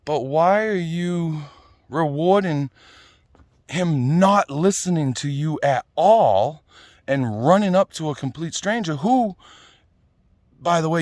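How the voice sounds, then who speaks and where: A man's voice: high voice, no room sound, clean studio sound. A man ranting casually, blunt and swearing, often tagging "right?" and "you know?". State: out of breath at times. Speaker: vlogger.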